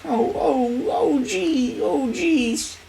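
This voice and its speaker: A man putting on a high, stammering voice for a nervous teenage cartoon boy. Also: very slow, gravelly, warm tone, distant mic, heavily acted, rough recording. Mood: anxious. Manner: stammering, whiny, high-pitched.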